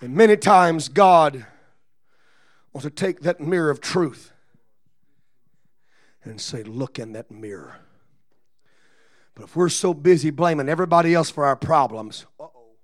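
Here the pastor's delivery is a little slow and full of pauses, with lively intonation. His Pentecostal sermon drifts from soft, low-key reflection into rhythmic shouting studded with "uh."

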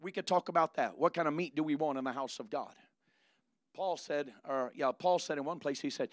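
A man preaching a sermon, moving from quiet asides to loud, fervent preaching. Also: a little high, a little fast, dry recording, clean studio sound.

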